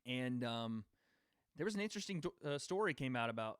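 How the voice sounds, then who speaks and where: A man's voice: medium pitch, normal speed, fairly bright tone, smooth, dry recording, studio quality. Laughing young man chatting with his stream. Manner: laughing, bantering with chat. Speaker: livestream host. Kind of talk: casual livestream chat and fight predictions.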